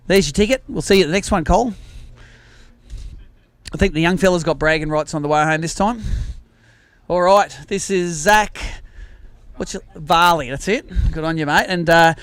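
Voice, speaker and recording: An Australian man with a high voice hosts a live fishing weigh-in. He jokes and teases the anglers as he reads out their bag weights. The sound is close and dry. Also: no room sound. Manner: joking, chatty, teasing anglers. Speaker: tournament host.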